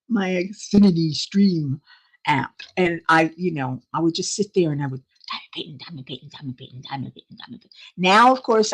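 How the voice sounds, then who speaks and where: A woman hosting a casual livestream, chatting with viewers, laughing often and reading out their comments. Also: on the low side. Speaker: livestream host.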